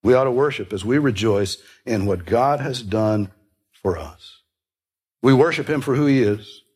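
A man preaching a sermon, explaining scripture in an earnest teaching manner with small restarts and soft laughs. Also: medium pitch, moderate pace, husky. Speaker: pastor.

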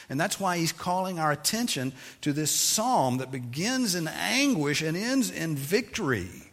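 A man giving a sermon, reading scripture aloud and then explaining it in a measured teaching tone. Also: medium pitch, a bit bright, breathy edge, big-room sound. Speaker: preacher.

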